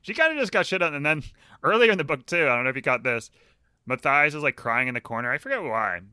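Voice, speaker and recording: A man chatting casually as a podcast co-host, jokey and animated. His voice is bright and crisp, and it swings up and down a lot. The sound is dry and close. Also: a little high, fast, no room sound. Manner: animated, jokey, acts out characters in mock voices. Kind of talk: casual chat.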